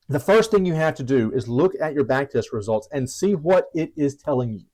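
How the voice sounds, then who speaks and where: Heard on a low-quality recording, a man with a mid-range, dark-toned voice explains trading strategies as an educator. His style is chatty and self-deprecating, full of restarts and side comments.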